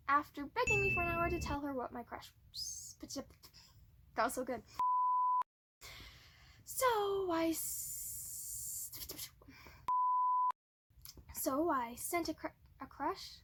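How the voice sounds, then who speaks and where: A woman's voice: high voice, slow, long pauses, very noisy. A woman doing flubbed takes of a cosplay skit, giggly and flustered as she restarts her lines.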